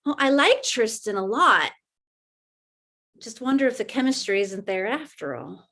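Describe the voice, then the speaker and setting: A shy 1950s teen girl confessing a secret, played by a woman. She speaks slowly with a somewhat high voice, halting and unsure, in a live improv comedy scene. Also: sing-song, a bit bright, full character voice. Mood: wistful.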